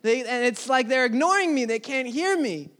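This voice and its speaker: A young man preaching a sermon, telling a personal story earnestly, his voice dropping low and soft then rising loud. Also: lively intonation, normal speed.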